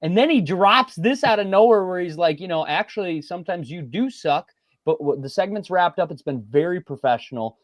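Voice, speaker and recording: A man's voice: sits high, lively intonation, fairly quick, dry recording, studio quality. A man co-hosting a podcast, telling a story with lots of energy, acting out quotes and laughing often. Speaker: podcast co-host. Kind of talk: casual podcast banter.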